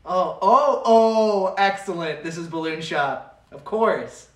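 An upbeat, chatty livestream host, rambling through fillers. The voice sits in a mid pitch and rings around an echoey room, picked up by a mic set well back. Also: animated, takes it slowly, fairly bright tone. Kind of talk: casual livestream chat. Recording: roomy sound from a distant mic.

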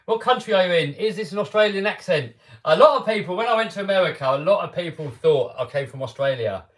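Chatty English man, slightly high voice. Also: expressive, quick pace. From England. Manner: chatty and upbeat, with many restarts and fillers. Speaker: RC car YouTuber hosting a live stream. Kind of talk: casual live-stream chat answering viewers.

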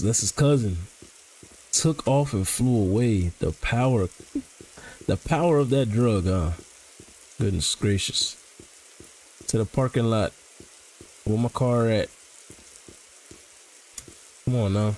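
A man's voice: medium pitch, slow pace, long pauses, darkish tone, low-quality recording. A man casually commentating as he plays a horror game, joking in slang and reacting to what happens. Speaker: gaming channel host.

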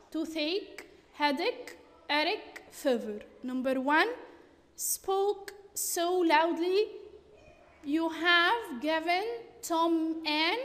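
A woman teacher reads through exercises slowly and carefully, stating each answer. Her voice sits high, and it carries a long echo from the room. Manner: slow, deliberate reading of answers. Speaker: English teacher. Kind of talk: reading workbook exercises aloud.

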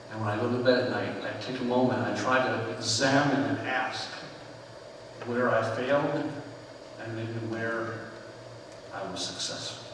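A man preaching a conversational sermon in a church sanctuary, telling personal stories earnestly and letting his phrases fall softly at the ends. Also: medium pitch, background noise. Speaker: pastor. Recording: echoey sanctuary with long reverb, far from the mic.

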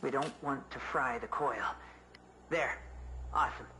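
A man's voice: medium pitch, a little slow, lightly acted. An actor playing a male scientist colleague who gives careful instructions during an experiment. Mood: encouraging. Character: male scientist colleague in a remembered lab scene. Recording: noisy game audio.

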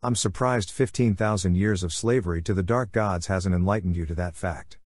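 Man doing a gruff defiant warrior, low voice, short curt lines, dry sound. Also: normal speed, no room sound. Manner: curt, spitting, growling. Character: grim, terse male warrior, defiant captive. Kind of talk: audiobook character voice.

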